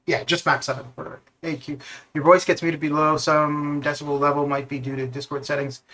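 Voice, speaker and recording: Streamer guy talking over discord, a bit high-pitched, laughs a lot and restarts sentences. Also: a bit bright. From Canada. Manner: rambling, laughs often, many restarts. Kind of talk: casual chat. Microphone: voice chat over Discord.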